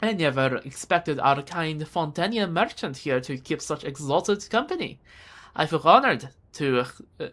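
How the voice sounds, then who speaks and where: A woman's voice: deep voice, moderate pace, a bit bright. A woman playing a flirty, confident bodyguard woman. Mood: teasing. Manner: teasing, playful. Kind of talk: reading game dialogue aloud.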